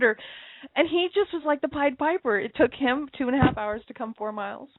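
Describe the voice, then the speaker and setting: A woman's voice: sits high, animated, a little fast, no echo. Woman chatting over a tinny phone line. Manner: reflective storytelling with frequent laughs. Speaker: co-host of an internet radio show. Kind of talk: casual chat.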